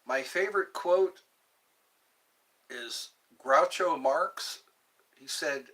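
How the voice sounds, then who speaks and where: A man's voice: fairly high pitch, drawn-out words, pauses often, a bit bright, husky, low-quality recording. A man in his fifties hosting a live stream, reading viewer comments aloud and answering them in a playful, jokey way. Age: 50s. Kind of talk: casual live-stream chat.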